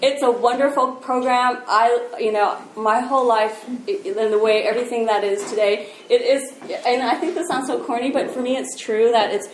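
A woman closes her share at a recovery meeting. She speaks earnestly and haltingly. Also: a little high, steady tone, slight background noise. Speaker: member sharing at a recovery meeting. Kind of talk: closing remarks of a share. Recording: echoey meeting room.

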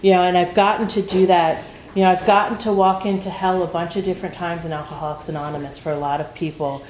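Woman sharing her recovery story, raw and sweary, lots of "you know", low voice, echoey noisy room. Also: darkish tone. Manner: candid, emotional, swears freely, lots of fillers. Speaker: speaker sharing at a recovery meeting. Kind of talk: personal story talk.

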